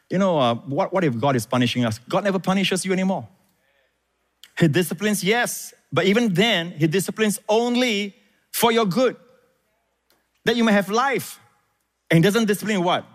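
Male pastor, emphatic call-and-response preaching, lively delivery, echoing hall. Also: fairly high pitch. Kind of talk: sermon. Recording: reverberant hall.

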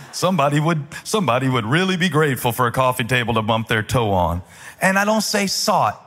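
A man preaching a live sermon in a church, often shouting with passion and sliding into a sung cadence, with playful asides to the congregation. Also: medium pitch, very animated, normal speed. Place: church sanctuary before a congregation.

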